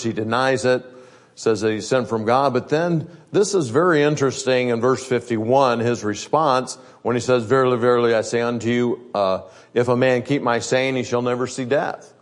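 Man preaching and reading scripture. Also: medium pitch. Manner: reads scripture aloud, then explains in plain conversational words. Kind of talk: sermon.

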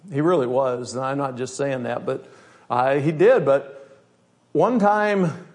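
A man preaching a sermon as pastor, blunt and emphatic, with many rhetorical questions. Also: mid-range voice.

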